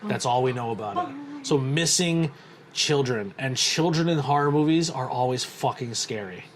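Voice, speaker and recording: A man hosts a casual podcast chat at a mid-range pitch. He tells animated stories and swears freely. Faint background noise sits under his voice. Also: moderate pace. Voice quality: swears a lot, animated storytelling. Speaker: podcast host.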